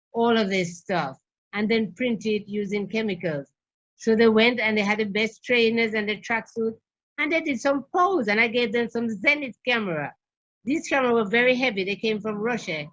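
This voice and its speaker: An older woman, a parenting trainer, telling lively stories from her work on a talk show. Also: fairly high pitch, muffled recording. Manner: lively anecdotal telling with acted quotes. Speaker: parenting trainer and guest speaker.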